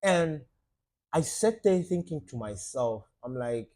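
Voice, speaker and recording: Man, slightly high voice, fan channel host, casual rant, animated, repeats himself. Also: slow pace. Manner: animated, repetitive, swears casually. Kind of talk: casual opinion monologue.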